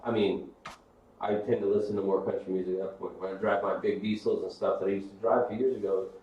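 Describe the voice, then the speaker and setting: A man's voice: low voice, steady tone, quick pace. A man, a podcast co-host, talking casually in an easygoing, wisecracking way. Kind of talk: casual chat. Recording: echoey room, dull far-off mic.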